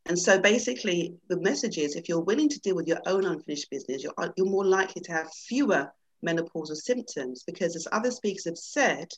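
A woman's voice: fairly low pitch, lively intonation, brisk, low-quality recording. A middle-aged woman, a panel guest, who talks reflectively and then reads a story aloud with dramatic swings over a video call.

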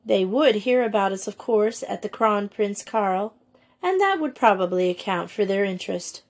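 A woman reading aloud voices a kindly, composed young headmistress who gives gentle, motherly instructions. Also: mid-range voice, lively intonation, normal speed.

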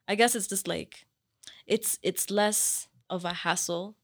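A young woman from Kenya talks in a relaxed podcast conversation, her voice sitting at an ordinary middle pitch. She laughs easily and slips into quick imitations of other people's puzzled reactions while telling her stories. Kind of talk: casual chat.

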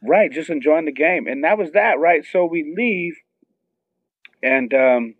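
A man in his thirties excitedly telling a story as a guest, acting out what others said. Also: no echo. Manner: excited, acts out quotes with high squeals. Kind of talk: animated storytelling. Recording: tinny phone-line sound.

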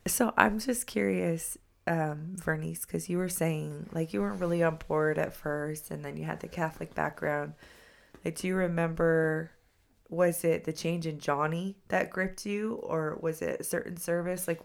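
A woman's voice: low voice, steady tone, unhurried, creaky. A woman hosting a casual interview, enthusiastic and affirming as she asks her guests questions. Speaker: host.

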